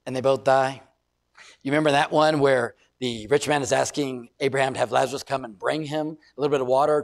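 A middle-aged man preaching a sermon, emphatic and given to shouting, acting out what people say. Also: mid-range voice, gravelly. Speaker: pastor.

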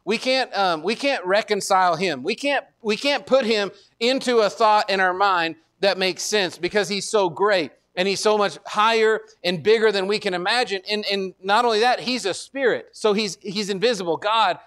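High-voiced preacher man. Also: fairly bright tone. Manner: conversational, stammering restarts, slows for scripture. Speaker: pastor. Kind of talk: sermon.

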